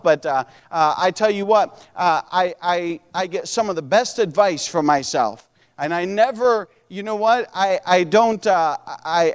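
A man's voice: sits high, long reverb tail. A man preaching a sermon as a pastor, in a conversational style with frequent restarts.

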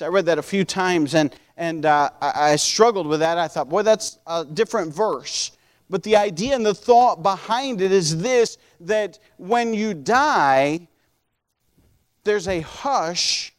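A man delivers a sermon in a high voice. He pleads earnestly, stumbles over repeated words as he builds momentum, and lets his voice fall almost to a whisper when he stresses the quiet moments. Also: a little slow. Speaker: pastor.

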